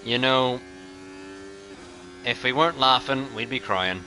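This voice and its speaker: A man streaming a racing game live, commentating casually and joking with quick asides. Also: mid-range voice, bright, forceful tone, slight background noise.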